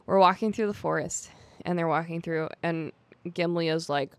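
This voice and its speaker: A woman's voice: on the low side, normal speed, no room sound. Wry joking woman, dry mic. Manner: wry, jokey asides, mock-quotes characters. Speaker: podcast co-host. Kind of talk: casual chat.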